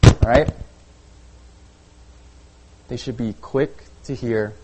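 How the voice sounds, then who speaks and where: A man preaching a sermon in a relaxed, conversational way, often checking in with "okay?" and using "like". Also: medium pitch, slow pace, breathy edge, poor audio. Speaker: pastor.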